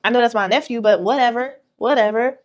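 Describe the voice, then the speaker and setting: A woman's voice: fairly high pitch, quick pace, highs cut off, close to an everyday voice. A woman doing a brusque male vampire. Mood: dismissive. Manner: brusque, dismissive. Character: dismissive male vampire mafia man.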